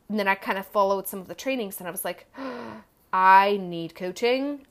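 A woman's voice: medium pitch, a bit bright. A woman, a coach and entrepreneur, candidly telling a rambling personal story and acting out what she and others said. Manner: candid, rambling, acts out her own quotes.

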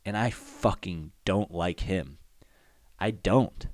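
A man's voice: low voice, slow pace, no room sound. A young man in a casual comedic rant, rambling and profane, spoken close to the mic. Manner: profane, rambling, animated riffing.

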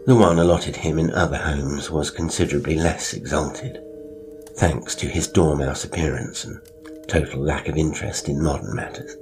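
A man narrating a short story in a measured, even way. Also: rumbling low, over music.

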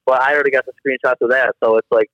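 A young man from the Detroit area, a guest on a casual podcast, telling animated stories packed with filler words. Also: medium pitch, very fast, no room sound. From Detroit area, Michigan. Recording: dull, slightly lo-fi dry audio.

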